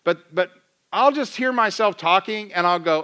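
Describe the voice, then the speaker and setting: A man's voice: high-pitched, expressive, normal speed, bright, forceful tone. A middle-aged man preaching a sermon in a church, conversational and self-deprecating, acting out his own rants as examples. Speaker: pastor.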